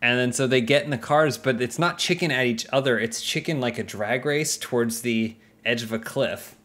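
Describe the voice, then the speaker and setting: A man's voice: medium pitch, moderate pace. Man retelling a movie in casual chat. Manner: animated storytelling with restarts and voiced quotes. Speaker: podcast host.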